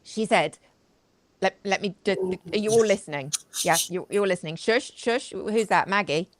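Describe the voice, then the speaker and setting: Woman host, sarcastic live-stream commentary, dry close sound, mid pitch. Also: moderate pace, dry recording. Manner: sarcastic, chatty, talks to her live audience. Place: home studio, live video.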